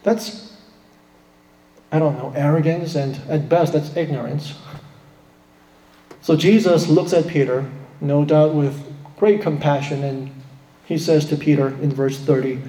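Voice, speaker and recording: A man's voice: fairly even intonation, measured pace, pauses often, warm tone. A man preaching a sermon, emphatic, acting out the quoted lines in a raised voice. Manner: emphatic preaching, acts out quotes with rising pitch. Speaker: pastor. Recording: roomy hall with long reverb.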